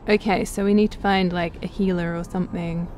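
A woman playing a role-playing game, reading its text aloud and thinking aloud in a relaxed, casual way. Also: lowish voice, fairly quick, slight background noise. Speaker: game streamer.

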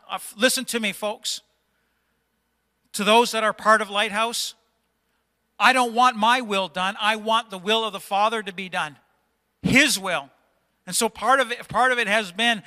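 A male pastor delivers a fervent sermon, stern and exhorting, pushing his voice up when he rebukes. His voice sits high and sounds sharply bright and piercing. It rings out with a long reverb through a church sanctuary. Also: measured pace, long pauses.

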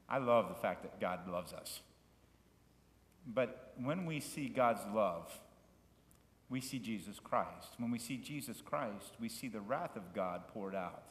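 A male pastor preaching a sermon, shifting between loud, fervent passages and quiet asides, and asking the congregation questions. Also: fairly low pitch. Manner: asks the congregation questions and invites them to repeat words. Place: church sanctuary. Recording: echoey church hall with long reverb.

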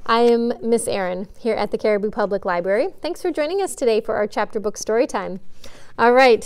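A woman, a children's librarian, reading a chapter book aloud in a friendly, measured way. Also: medium pitch, a little mellow, clean tone.

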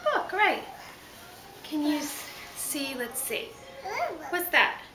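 A woman with a high voice reads a picture book to a toddler in slow, bouncy sing-song baby talk. She keeps coaxing him with the same gentle questions over and over. The sound is a roomy home video taken from across the room, with steady background noise. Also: recorded from a distance. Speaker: parent reading to a toddler.

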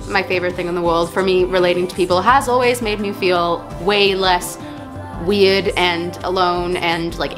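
A young woman rambles candidly through a music reaction from her bedroom, her speaking voice sitting in an ordinary middle register. She swears freely and thinks out loud, with a song playing softly underneath. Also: medium pitch. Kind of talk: casual reaction vlog. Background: music playing faintly.

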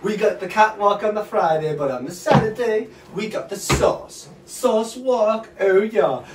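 A woman co-hosting a fashion show, talking in a slow, teasing, sing-song way. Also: mid-range voice, background noise. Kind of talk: playful show banter. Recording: echoey, distant mic, music behind.

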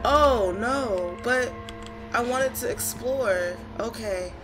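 A woman's voice: a little high, takes it slowly, music in the background. A woman giving let's-play commentary, jumpy and swearing, who shrieks when she gets scared. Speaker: gamer.

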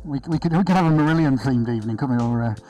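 A man's voice: medium pitch, racing, darkish tone, faint music behind, low-quality recording. A man hosting a live painting stream from his studio, chatting casually and greeting viewers by name in an upbeat way. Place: art studio, indoors. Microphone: body-worn chest camera.

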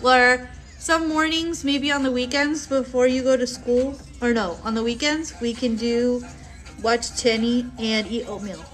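A woman with a fairly high, somewhat bright voice and fairly even intonation speaks unhurriedly while hosting a casual home livestream with her young child. She's chatty and playful and laughs a lot, with music playing in the background.

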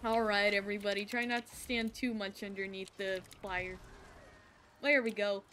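A woman streaming a video game, chatting casually and excitedly with her viewers as she plays. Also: medium pitch, normal speed, a little hiss or hum. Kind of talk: casual live-stream chat.

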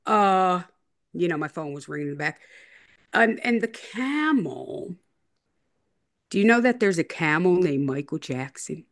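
A woman's voice: lowish voice, animated, a little slow, pauses often. A woman interview guest in a casual chat, rambling, repeating herself and teasing in a playful way. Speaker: interview guest telling her story.

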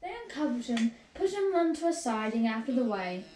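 A woman reading a children's storybook aloud in an expressive, sing-song way, recorded in an echoey room far from the mic. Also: fairly high pitch, brisk, slight background noise.

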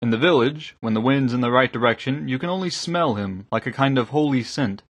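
A man reading aloud, voicing an earnest middle-aged man who preaches gently but fervently to a small congregation. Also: mid-range voice, brisk, husky, close to an everyday voice. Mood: preaching.

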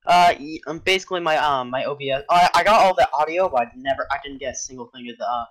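A young man chats casually with friends during a game, hesitating and filling gaps with ums. He talks quickly. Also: a little high, fairly bright tone, rough recording. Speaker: gaming friend. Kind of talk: casual chat while gaming.

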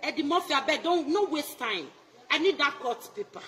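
High, bright-voiced Nigerian woman ranting. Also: expressive, fairly quick, slight background noise. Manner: loud, mocking, laughs between taunts. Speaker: social media personality. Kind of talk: taunting social media rant.

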